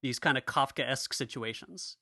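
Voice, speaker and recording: A man's voice: medium pitch, moderate pace, bright, forceful tone, dry recording, studio quality. A man co-hosting a podcast, talking in a rambling, casual way with frequent restarts and laughter. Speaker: podcast co-host.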